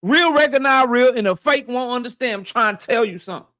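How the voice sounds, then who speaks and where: A man hosting a boxing live stream from his office, talking loose and profane and shouting out viewers by name. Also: extremely high pitch, fast talker, no echo, clean studio sound. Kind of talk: casual live-stream chat. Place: home office.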